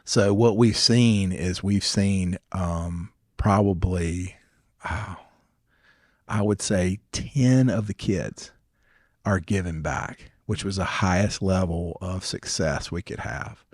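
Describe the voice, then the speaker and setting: A man, a ministry founder and guest, sharing stories in an earnest, animated way, often restarting his sentences. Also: deep voice, takes it slowly, no room sound, clean studio sound. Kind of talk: conversational storytelling interview.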